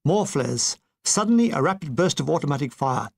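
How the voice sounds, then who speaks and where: Man reading a comic war memoir, deadpan. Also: on the high side, fairly quick, gravelly. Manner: dry, deadpan comic delivery. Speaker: audiobook reader.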